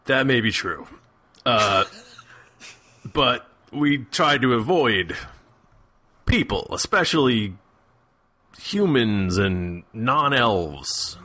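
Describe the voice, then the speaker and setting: A man playing a scornful elf man, curt and insulting, lively swings in pitch, bright tone, tabletop game figure. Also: extremely slow, long pauses, full character voice. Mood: contemptuous. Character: gruff rude ancient elf man, contemptuous. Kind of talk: tabletop role-play.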